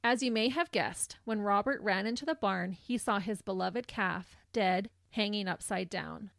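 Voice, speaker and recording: A woman co-hosts a true crime podcast and reads through the case in a steady, measured way, stopping to chat with her co-host. Her voice sits at a middle pitch. It is recorded close and dry, with no room around it. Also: creaky, dry recording. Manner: reads the case in measured narration, with laughs between.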